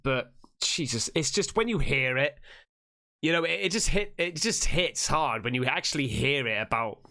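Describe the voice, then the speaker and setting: A man reacting to a story with excitable, swearing commentary and frequent restarts. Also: medium pitch, moderate pace. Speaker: reaction video host.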